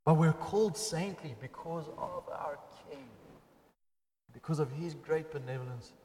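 A man preaching a sermon to his congregation, swinging between loud, emphatic passages and quiet, intimate ones. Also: on the high side, unhurried, slight background noise. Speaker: pastor. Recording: long hall reverb.

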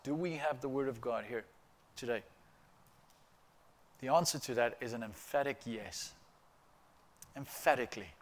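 A pastor giving a sermon in a conversational, emphatic way, repeating points for stress and checking in with his listeners. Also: medium pitch.

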